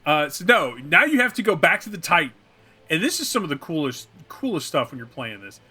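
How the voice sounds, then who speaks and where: A man co-hosting a casual gaming chat, recapping a video game in a rambling, animated way and acting out scenes as he goes. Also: a little high, a little fast, slightly rough. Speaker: co-host.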